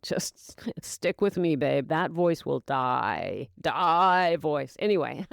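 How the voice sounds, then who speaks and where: A woman's voice: extremely low pitch, very animated, slow, vocal fry, no echo, studio quality. A woman hosting a solo sobriety-coaching podcast, talking emphatically and encouragingly to her listener, calling them babe. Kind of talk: motivational solo podcast talk.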